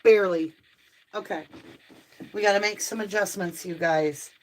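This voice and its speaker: A woman's voice: medium pitch, normal speed, low-quality recording. A woman hosting a live stream, chatting casually and apologetically with viewers as she fiddles with her equipment. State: out of breath from the stairs. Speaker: host of a live tarot and spirit box stream. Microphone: phone.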